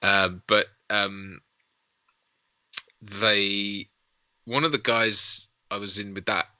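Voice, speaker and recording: Bright-voiced man riffing. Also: fairly low pitch, little pitch movement, slow, no echo. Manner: playful, riffing jokes, laughing. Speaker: actor, co-host of a film watch party. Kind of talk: casual watch-along banter.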